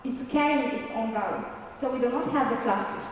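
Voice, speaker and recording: A woman's voice: a little high, brisk. A woman with an Egyptian Arabic accent, an English pronunciation trainer running a live workshop, demonstrating sounds and checking in with "okay?". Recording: echoey hall from far off, faint room noise.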